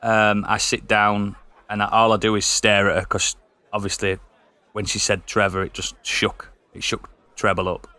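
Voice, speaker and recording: A man's voice: lowish voice, completely flat delivery, normal speed, pushed and bright, no echo, some chatter behind. A man playing in a tabletop game, describing his moves with stammers and hesitations. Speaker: player. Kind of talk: casual game talk.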